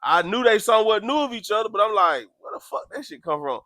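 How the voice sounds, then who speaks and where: A man chatting casually, telling a story with animated, loud acted-out quotes. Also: fast talker, no echo. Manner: animated, acts out quotes with sudden loud jumps in pitch. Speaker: podcast host.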